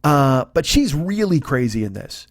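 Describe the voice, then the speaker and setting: A man's voice: a little high, sing-song, measured pace, no room sound, studio quality. Sarcastic man ranting about a movie. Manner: sarcastic, swears a lot, acts out characters' lines. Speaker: podcast host. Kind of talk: profane comedic movie rant.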